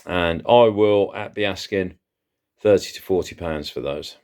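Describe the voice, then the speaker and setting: A man's voice: low voice, a little slow, a little mellow, clear, resonant tone. A man who hosts a vlog and chats with enthusiasm as he shows off his antiques haul, with frequent fillers. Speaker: antiques seller and channel host. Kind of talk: casual haul vlog, showing items.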